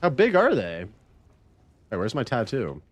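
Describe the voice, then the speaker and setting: A man's voice: medium pitch, wildly swooping pitch, unhurried. A man streaming a game, casually chatting with his viewers in a laid-back, rambling way. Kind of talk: casual gaming stream chat.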